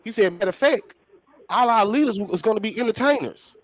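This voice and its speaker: High-voiced blunt man ranting. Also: animated, fast. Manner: blunt, profane, emphatic, repeats himself. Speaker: podcast co-host. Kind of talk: heated casual talk-show banter.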